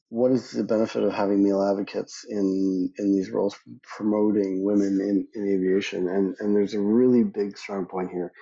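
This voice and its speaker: A middle-aged man answering interview questions emphatically, restarting his sentences often and jumping up in pitch when he quotes other people. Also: mellow, dull audio. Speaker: guest, aviation professional.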